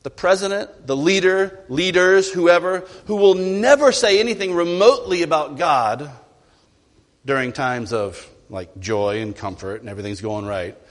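A man preaching a sermon as a pastor, animated, swinging between loud emphatic lines and quiet, low asides. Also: normal speed. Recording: long hall reverb.

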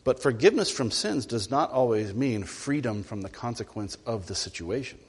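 A man preaching a sermon as a pastor, animated, swinging between loud emphatic lines and quiet, low asides. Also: moderate pace, husky. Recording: long hall reverb.

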